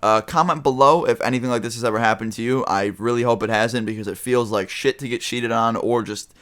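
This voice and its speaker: A man's voice: mid-range voice, brisk, fairly bright tone. A young man telling a casual storytime vlog, rambling with lots of fillers and swearing. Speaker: vlogger.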